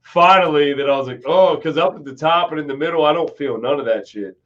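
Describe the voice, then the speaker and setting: A man's voice: on the high side, fast talker, fairly bright tone. Cursing man telling a rambling story. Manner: profane, rambling anecdote-telling. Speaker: host. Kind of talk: casual storytelling chat. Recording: dull lo-fi stream audio.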